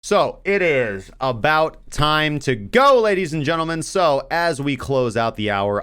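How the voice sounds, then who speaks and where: This time his pitch sits fairly high and swings widely, his pace a little slow with few pauses, his tone fairly bright and clean in an echo-free studio. Hosting his crypto show, he bluntly and casually discusses chart analysis and ridicules fuzzy analysts.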